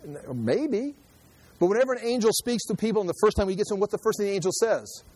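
A man giving conversational Bible teaching in an animated, joking way, acting out quotes and often restarting his sentences. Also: high voice, fast talker, dry recording. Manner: animated, jokey, acts out quotes, frequent restarts. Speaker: preacher.

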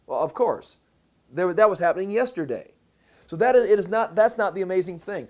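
A man with a high, light voice for a man preaches a sermon, walking through a scripture passage. He explains each point emphatically and slows right down on the words he wants to land. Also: animated, darkish tone. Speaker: pastor. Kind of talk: sermon, verse-by-verse Bible teaching.

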